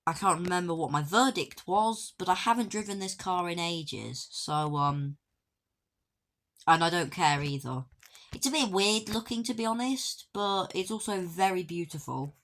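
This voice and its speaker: Woman, casual game walkthrough narrator, low voice, dry offhand humour. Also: normal speed, fairly bright tone, slight background noise. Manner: dry, offhand joking asides. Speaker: gaming video creator.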